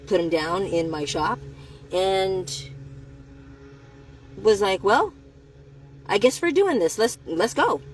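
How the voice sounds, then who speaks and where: A woman's voice: sits low, slight background noise, low-quality recording. Candid woman retelling a run-in. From United States. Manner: candid, profane storytelling, measured pace that gets heated. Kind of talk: personal story vlog.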